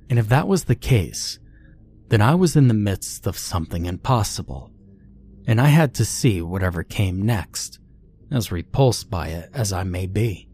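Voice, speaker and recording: A man narrating a scripted horror story in a measured, grim way. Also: fairly low pitch, darkish tone.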